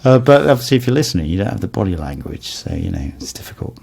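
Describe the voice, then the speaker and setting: A man co-hosting a podcast, telling relaxed stories in casual chat and chuckling often. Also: deep voice, fast, creaky. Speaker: podcast co-host.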